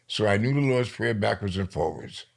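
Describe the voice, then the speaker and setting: An older man from New York, a poet being interviewed, telling stories in a lively way and slowing down for emphasis. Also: on the low side, gravelly. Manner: lively storyteller, slows down for emphasis. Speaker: poet guest. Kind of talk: storytelling interview.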